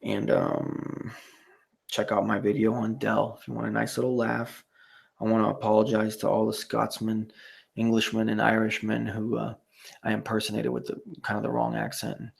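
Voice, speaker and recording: A man's voice: fairly low pitch, gravelly. A man hosting a live stream, reading out chat messages and signing off in a rambling, profane way with many fillers.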